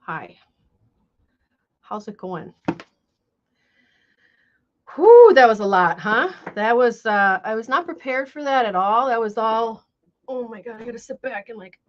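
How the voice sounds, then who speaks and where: A woman's voice: fairly high pitch, unhurried, pushed and bright. Woman hosting a live stream, chatty and a bit hesitant, lots of ums, muffled lo-fi sound. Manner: chatty, hesitant, many fillers. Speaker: livestream host. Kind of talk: casual live chat.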